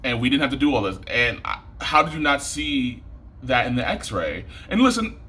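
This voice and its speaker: A young man vlogging a storytime, animated and exasperated, his voice jumping up when he rants. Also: medium pitch, normal speed, slightly rough. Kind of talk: storytime vlog.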